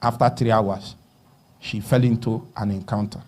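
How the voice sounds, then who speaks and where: A man with a Nigerian accent preaching a sermon, dropping to hushed murmurs and rising to loud calls, asking the congregation to finish his sentences. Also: on the low side, fairly even intonation, normal speed. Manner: call-and-response questions to the congregation.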